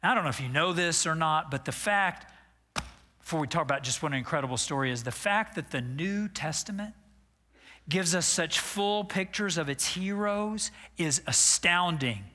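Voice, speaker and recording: A man preaching an animated, dramatic sermon as pastor. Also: a little high, normal speed, a little hiss or hum.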